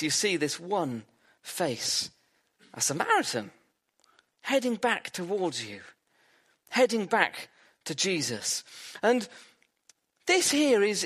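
A man preaching a sermon, retelling a story vividly and dropping his voice low for emphasis. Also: a bit bright.

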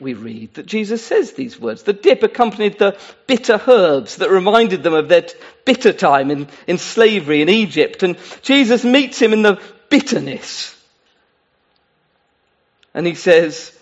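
A man with a high voice, its upper frequencies cut off, preaches an earnest, pleading sermon. He speaks directly to his listeners and wanders into many asides.

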